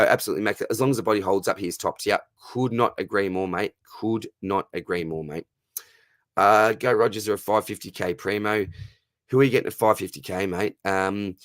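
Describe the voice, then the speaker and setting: A man in his thirties with an Australian accent, hosting a casual live Q&A, friendly and matey, his voice going hoarse. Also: fairly low pitch, a bit bright, dry recording. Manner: matey and friendly, calls viewers mate and brother. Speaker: livestream host answering fantasy football questions.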